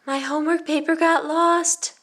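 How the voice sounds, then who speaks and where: A woman voicing an eager little schoolgirl in a storybook, with a high, excited delivery. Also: moderate pace.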